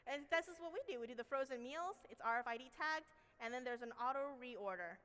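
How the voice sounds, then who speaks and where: Bright, playful woman on a conference stage. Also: sits high, normal speed, clean tone, long reverb tail. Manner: animated, playful, slangy. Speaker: conference speaker. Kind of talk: casual keynote talk. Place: large conference hall.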